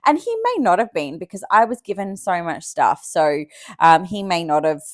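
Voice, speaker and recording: A woman's voice: lowish voice, very animated, moderate pace, dry recording, clean studio sound. A young woman chatting casually to camera as a vlogger, with lots of fillers and easy laughter. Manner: chatty, many fillers and likes, laughs often.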